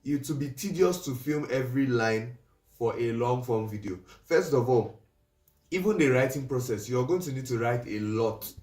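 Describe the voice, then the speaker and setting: A man's voice: mid-range voice, moderate pace, darkish tone. A man teaching a class, checking in often to ask if his listeners follow. His voice sits some distance from the microphone and rings in a roomy space. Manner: instructive, checks in with "right?" and "do you understand?". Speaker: livestream creative coach. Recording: roomy echo, voice off-mic.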